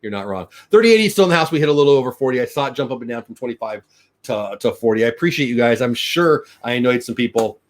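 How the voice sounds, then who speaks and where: A man's voice: medium pitch, animated, fast. A middle-aged man hosting a daily live news show, rambling upbeat chat and thanking viewers by name. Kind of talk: casual live-stream chat.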